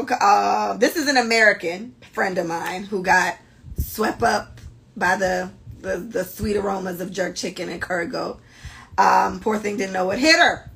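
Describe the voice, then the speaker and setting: A young woman hosting a podcast, chatting casually and reading listener stories in a brash, animated way. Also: medium pitch, vocal fry. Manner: animated, brash storytelling with frequent cursing. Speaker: podcast host.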